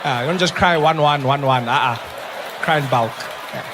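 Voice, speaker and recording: A male stand-up comedian telling a family story on stage, animated and loud, repeating words for effect. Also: mid-range voice, normal speed, a crowd in the background, background noise.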